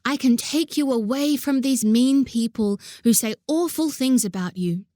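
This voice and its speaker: A woman voicing a kind grown man who speaks calmly and reassuringly in a children's storybook. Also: high-pitched, unhurried, no room sound, studio quality.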